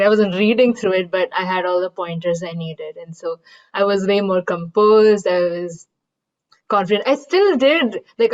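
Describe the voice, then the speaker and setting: A woman's voice: mid-range voice, muffled recording. A woman participant in a workshop sharing a personal experience, hesitant and candid. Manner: hesitant, many fillers, candid. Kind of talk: personal anecdote in a group.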